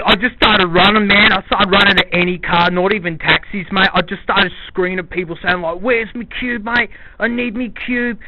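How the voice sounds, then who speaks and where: A man's voice: sits high, voice pushed down, natural voice. A man playing a rowdy bloke who rambles through a ridiculous tale and keeps saying mate, recorded on a cheap MP3 player's voice recorder. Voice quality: rambling, says mate constantly. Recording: dull lo-fi gadget voice memo.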